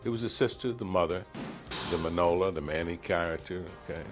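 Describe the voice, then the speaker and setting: A measured man with a very deep voice explains how a film was made in an archival interview. Faint music runs underneath him.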